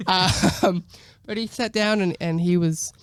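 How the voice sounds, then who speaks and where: A man's voice: high voice, fairly even intonation, takes it slowly, clear, resonant tone, no room sound. A young man, a guest musician, telling stories in a laid-back way on a casual podcast, often laughing. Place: podcast studio.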